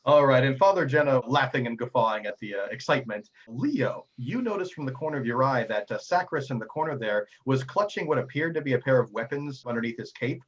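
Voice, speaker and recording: A man's voice: medium pitch, expressive, a little fast, few pauses, breathy edge. A man narrating a tabletop game as game master, describing scenes at length with frequent fillers, in a slightly muffled recording.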